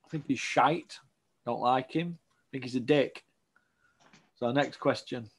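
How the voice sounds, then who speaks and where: A man's voice: mid-range voice, measured pace, breathy edge. A man giving blunt, outspoken opinions as a boxing pundit in a casual interview, often tagging on questions like "isn't it?".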